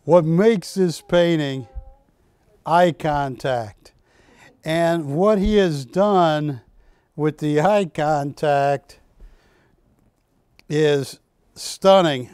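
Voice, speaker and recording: A man's voice: fairly high pitch, drawn-out words, long pauses, darkish tone, smooth, dry recording, clean studio sound. A man hosting a live shopping broadcast, chatty and enthusiastic, telling anecdotes about the art he presents. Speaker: shopping channel host.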